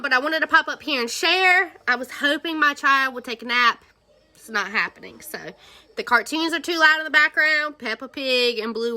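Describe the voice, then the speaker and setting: A woman's voice: high voice, bright, forceful tone. A woman, talking casually to her sales team in a livestream from home, rambling around before reaching her point. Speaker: direct sales team leader. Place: at home, cartoons playing nearby.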